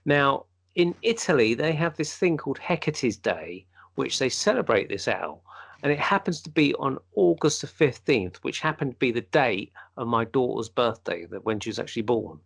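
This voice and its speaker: A man with a gravelly edge to his voice tells a long personal story on a casual podcast. His pitch sits in an ordinary middle range, and he livens it up by acting out what each person said. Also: normal speed. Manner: animated storyteller, acts out quoted speech. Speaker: podcast co-host.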